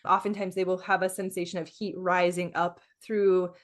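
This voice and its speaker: A woman's voice: on the low side, little pitch movement, moderate pace. A woman podcast host responding in conversation, thinking aloud with restarts. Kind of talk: conversational interview.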